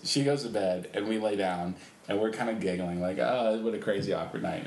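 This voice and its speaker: A middle-aged man hosting a podcast, telling rambling, laid-back stories full of fillers and laughs. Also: on the low side. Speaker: podcast host. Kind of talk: casual storytelling chat. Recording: roomy echo, faint noise.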